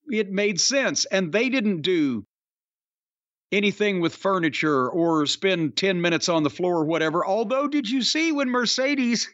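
A man's voice: sits high, a bit bright, no echo, highs cut off. A man hosting a wrestling podcast, talking bluntly and profanely with emphatic stresses. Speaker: podcast host reviewing wrestling. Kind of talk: casual podcast chat.

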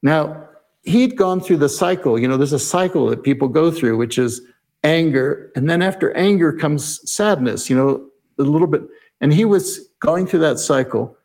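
Reflective storyteller, a fairly high man's voice. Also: animated, a little mellow. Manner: measured, explanatory, quotes his own inner questions aloud. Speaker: podcast guest, negotiation expert.

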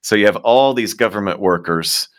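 Easygoing pastor, lowish voice. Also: male voice, normal speed, fairly bright tone. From Kentucky. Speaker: lead pastor and guest. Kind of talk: storytelling interview answers.

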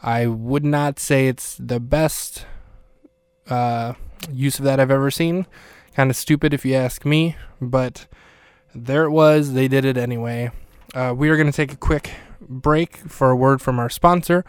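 Wry, flat-voiced podcast host man. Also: medium pitch, unhurried, clean tone, no echo. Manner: wry, deadpan asides. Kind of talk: casual recap commentary.

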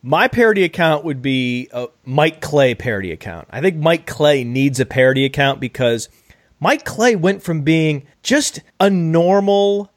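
A man co-hosting a casual podcast, needling his partner in an animated, quick-fire way. His voice sits fairly high. The sound is dry and close to the mic. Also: dry recording. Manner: animated, needling, fast-talking. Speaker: podcast co-host.

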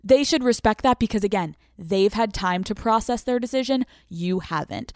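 A woman's voice: medium pitch, lively intonation, moderate pace, a little mellow, dry recording, clean studio sound. Blunt, swearing young woman podcast host. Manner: blunt, profane, laughs mid-sentence. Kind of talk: casual advice monologue.

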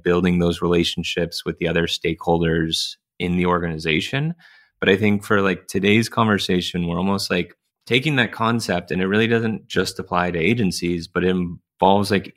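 A man's voice: deep voice, steady tone, normal speed, a bit bright. A man hosting a podcast, asking long, rambling questions in a casual way with many fillers. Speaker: podcast host. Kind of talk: podcast conversation.

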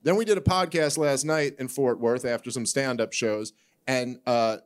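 A man's voice: mid-range voice, moderate pace, clean tone. A man hosting a live podcast in front of an audience, joking and sarcastic in loose, rambling banter. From Northeastern US. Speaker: podcast host.

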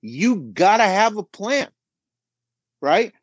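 A middle-aged man coaching on a podcast, emphatic and animated, asking rhetorical questions as he talks. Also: high voice, slow pace, dry recording. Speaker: auto shop business coach guest. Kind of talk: podcast conversation.

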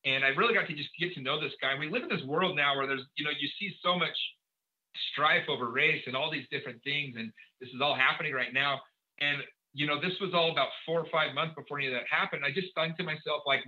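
A man tells a personal story as a podcast guest, racing through it at high speed and acting out bits of dialogue. His voice is sharp and forceful, with lots of "um"s and "uh"s along the way. The recording sounds dull and lo-fi. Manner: rapid, animated storytelling with many fillers and acted-out dialogue.

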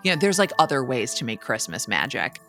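A woman's voice: a bass voice, big pitch swings, brisk, over music. A woman hosting a podcast, telling stories in a chatty, casual way and swearing freely. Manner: chatty storytelling with frequent swearing. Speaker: podcast host. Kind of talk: casual chat.

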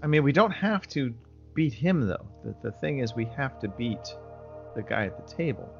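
A man speaks as a player in an online tabletop game, reasoning aloud about what to try. His voice sits at a middling pitch. The call audio is dull and lo-fi, with faint music behind. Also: big pitch swings, moderate pace, vocal fry. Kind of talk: casual game chat.

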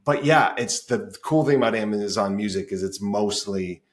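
A man's voice: on the low side, normal speed. A man in his forties, a music therapist, telling stories animatedly in a casual interview and swearing freely. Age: 40s. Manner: animated, swears freely, acts out his own past thoughts. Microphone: podcast call.

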